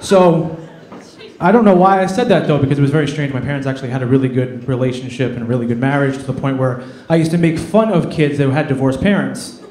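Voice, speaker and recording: A man's voice: mid-range voice, fast, darkish tone. A man doing a stand-up set on a comedy club stage, telling self-deprecating stories into a handheld mic. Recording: echoey club room.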